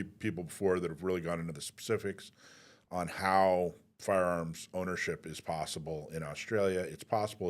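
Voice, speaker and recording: A man hosting a talk radio interview, conversational, with restarts, building to pointed questions. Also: low-pitched. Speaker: host.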